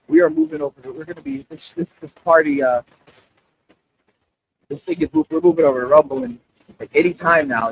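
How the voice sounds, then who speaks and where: A high, gravelly, husky man hosts a livestream and talks straight to his chat. His pitch swings widely, and he keeps repeating himself as he rambles. The stream audio sounds dull and lo-fi. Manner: animated, repetitive, addresses chat directly. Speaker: livestream host. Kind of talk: casual livestream commentary.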